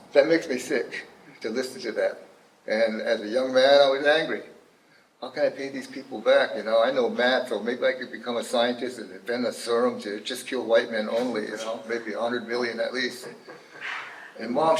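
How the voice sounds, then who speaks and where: An older man in his seventies, a tribal elder, speaks at a middle pitch in an unhurried, plain-spoken way, often pausing on small fillers. His voice rings through a large, echoing room, with a faint hum of ambience behind him. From Northern California. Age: 70s. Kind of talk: personal testimony talk.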